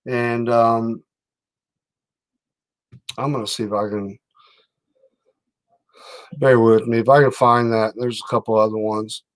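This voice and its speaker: A man's voice: mid-range voice, flat delivery, slow, long pauses. A middle-aged man hosting an online stream, rambling through a heated, sarcastic political rant. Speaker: online livestream host.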